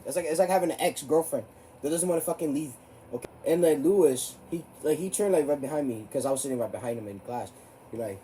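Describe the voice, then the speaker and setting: A teenage boy telling a story to camera in a rambling, profane way. His voice jumps high when he gets riled up. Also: moderate pace, long pauses, mellow, a little hiss or hum. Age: teens. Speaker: vlogger.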